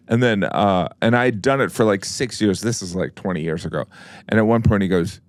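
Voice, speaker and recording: Dry, low-voiced man rambling in chat. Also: a little fast, no room sound. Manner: rambling with many restarts, dry teasing. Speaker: guest comedian. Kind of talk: casual podcast chat.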